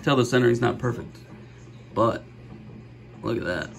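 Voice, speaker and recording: A middle-aged man hosting a card-opening video, chatting casually and joking, with sudden gasps and bursts of excitement. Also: medium pitch, moderate pace, gravelly, slight background noise, rough recording. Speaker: card-opening channel host. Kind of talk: casual pack-opening commentary.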